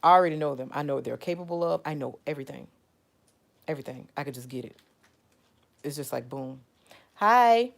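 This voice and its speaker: Low, gravelly-voiced woman telling a story. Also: fairly even intonation, fast, pauses often. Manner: rambling, repetitive, leans on "you know" and "like". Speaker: self-described spiritual advisor. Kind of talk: casual storytelling to camera.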